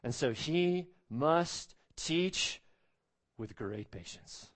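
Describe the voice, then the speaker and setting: A man's voice: fairly high pitch, animated, very slow. A man preaching an expository sermon, emphatic, repeating phrases and asking rhetorical questions.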